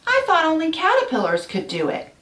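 A woman voicing a proud young female caterpillar in a storybook reading, bragging in a raised, lively voice. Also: very high voice, a little fast, slight background noise, pitched above the performer's own voice, heavily acted. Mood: boastful. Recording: echoey room, far from mic.

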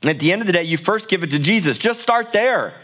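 A man's voice: high-pitched, lively intonation, quick pace, a bit bright. A middle-aged male pastor preaching a sermon in a church, emphatic and passionate, often repeating words for force. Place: church sanctuary.

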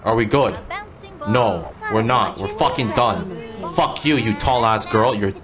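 A man's voice: lowish voice, a little slow, crowd noise. A man giving let's play commentary while gaming, frustrated, swearing and repeating himself, with game music behind. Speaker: gamer.

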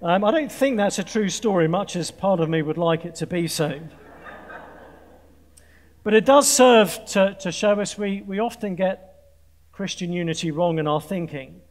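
A man preaching to a student audience, earnest, with pointed emphasis, quick restarts and dry humour. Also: high-pitched. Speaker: conference speaker preaching. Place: large conference hall with an audience.

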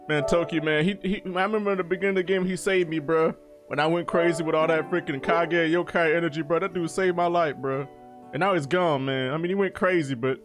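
A man giving excitable, slangy commentary while playing a video game, yelling and calling everyone bro. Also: a little high. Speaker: gaming streamer. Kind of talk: gameplay commentary. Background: game music.

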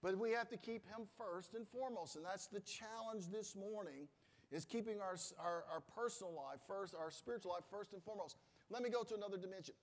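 A man preaching a sermon as pastor, speaking emphatically, building to loud exclamations and leading his congregation in call-and-response. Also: high-pitched, long reverb tail. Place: church sanctuary.

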